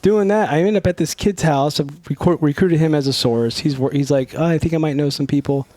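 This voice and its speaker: A man from Northern California, a podcast guest telling a story in a casual, profane, animated way. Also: a little high, a little fast, dry recording. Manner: profane, animated, acts out dialogue.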